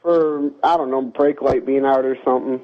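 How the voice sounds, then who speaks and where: A man's voice: medium pitch, fairly even intonation, moderate pace. A young man in college calling a radio show and telling a story plainly and politely, with many fillers. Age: young adult. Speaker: caller. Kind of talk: phone-in story. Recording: dull call-in phone line.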